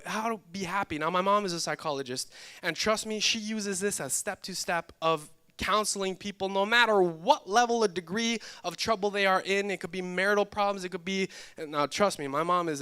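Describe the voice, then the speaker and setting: A young man preaching to a church crowd in a high, clear, ringing voice. He is lively and jokes with his listeners, teasing them as he goes. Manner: lively and joking, teasing the audience. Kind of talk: sermon. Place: church hall with live audience.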